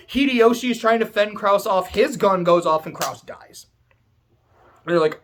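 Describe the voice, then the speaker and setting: Host, male, casual rant, profane and rambling, slightly high voice. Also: normal speed, fairly bright tone. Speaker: video host.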